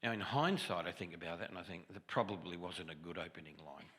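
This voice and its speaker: A man's voice: low-pitched, quick pace, a bit bright, long reverb tail. A man giving a testimony sermon in a conversational storytelling way, with self-deprecating humor. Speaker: guest preacher. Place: church sanctuary.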